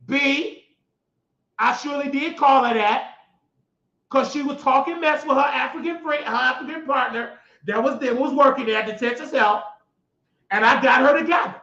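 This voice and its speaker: High-voiced man ranting in an echoey room. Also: normal speed, long pauses. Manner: emphatic, repetitive, bursts into shouting. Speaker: host. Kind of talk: animated storytelling monologue. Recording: echoey, dull lo-fi recording.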